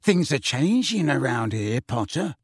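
A man's voice: mid-range voice, very animated, unhurried, slightly rough, dry recording. Wheezing nasty old caretaker, gloating, leering, put on by a male reader, dry sound.

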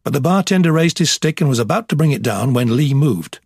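Husky male audiobook narrator. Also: mid-range voice, no room sound, studio quality. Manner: measured, even storytelling. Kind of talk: scripted narration.

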